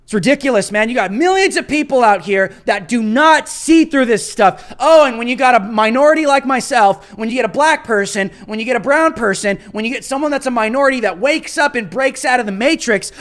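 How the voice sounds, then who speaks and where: A man's voice: very high voice, expressive, moderate pace, a bit bright. A man hosting a live political commentary show, talking in an emphatic, sarcastic, ranting way. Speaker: host.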